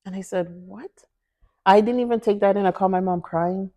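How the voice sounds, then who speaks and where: A woman telling her own story as a guest in a conversation, animated and acting out the people she quotes. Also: mid-range voice, fairly quick. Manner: animated, acts out quoted voices, laughs often. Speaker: interview guest.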